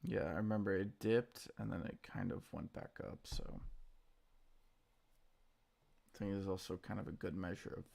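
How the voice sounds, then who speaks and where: Tired man talking low, gravelly. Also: steady tone, moderate pace, pauses often. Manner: quiet, subdued morning voice; laid-back, reads chat names aloud. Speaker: stock trading streamer. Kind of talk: casual live-stream chat.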